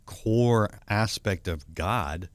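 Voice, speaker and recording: A man's voice: on the low side, very slow, dry recording. A man hosting a talk show interview, affirming what his guest says, laughing easily and often repeating words. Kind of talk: interview chat.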